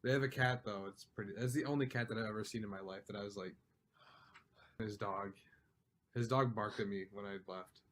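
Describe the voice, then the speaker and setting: A man's voice: lowish voice, steady tone, fairly quick, a bit bright, a little hiss or hum. A young man hosting a casual podcast, rambling and joking as he complains about video games. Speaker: podcast host. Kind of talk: casual chat.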